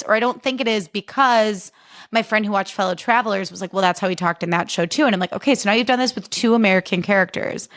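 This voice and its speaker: A young woman hosting a casual solo podcast, chatty and animated, poking fun at herself. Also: medium pitch. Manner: chatty, animated, self-deprecating, jumps into funny voices. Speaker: podcast host.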